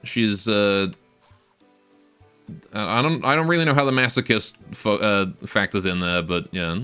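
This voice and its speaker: A man's voice: lowish voice, expressive, measured pace, sharp tone, clean tone. Young guy streaming a game, chatty and jokey, laughs a lot, close mic, faint music behind. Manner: rambling, joking, laughs often. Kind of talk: casual live gameplay commentary. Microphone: cheap stage mic close up.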